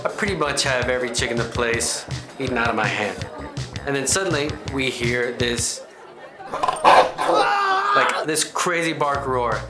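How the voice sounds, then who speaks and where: A man spins a comic true story as the host of a reenactment show, wandering off into asides before he gets back on track. His voice sits at an ordinary middle pitch, and music runs clearly under his telling. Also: normal speed, over a noisy crowd. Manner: rambling, chatty, full of asides and digressions. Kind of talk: comedic first-person storytelling.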